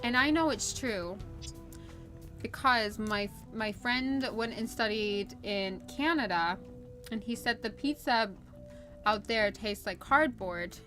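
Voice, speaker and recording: An American woman with a slightly high voice chats loosely while playing a game on stream, drifting between thoughts and often restarting sentences. She laughs easily as she talks into a desk condenser mic, with soft game music under her voice. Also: takes it slowly. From United States. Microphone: desk USB condenser mic.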